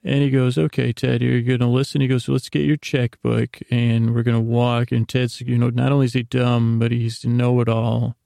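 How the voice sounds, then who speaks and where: A man's voice: medium pitch, completely flat delivery, moderate pace, gravelly, few pauses, warm tone, dry recording, clean studio sound. A man hosting a sleep podcast, casually rambling through a show recap with many fillers and restarts.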